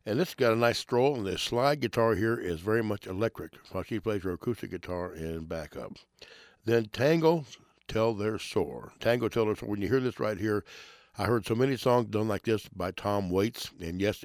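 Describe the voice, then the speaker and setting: A man hosting a music program, introducing songs in relaxed, musing commentary and pausing now and then to recall details. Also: on the low side, dry recording, clean studio sound. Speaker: radio music host.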